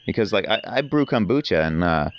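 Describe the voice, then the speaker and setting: A man's voice: on the low side, expressive, a little fast, dull audio. A man talking as a podcast guest in casual conversation, telling rambling, enthusiastic stories.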